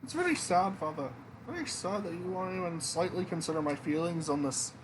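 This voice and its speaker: A man voicing a young princess, an upset daughter, in a high falsetto and a pleading manner. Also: expressive, a little fast, background noise.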